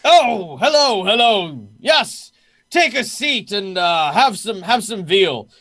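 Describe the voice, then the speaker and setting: A man's voice: high-pitched, big pitch swings, takes it slowly, a bit bright, voice pushed up, exaggerated voice. A man voicing a cheerful, generous male lord who hosts a feast for the players in a tabletop game. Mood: jovial. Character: jovial hearty male lord hosting a feast.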